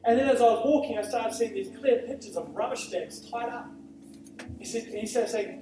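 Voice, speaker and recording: A male pastor preaching a sermon, telling a personal story in an animated, emphatic way. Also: extremely high pitch, a little fast. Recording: echoey, distant live church recording with music.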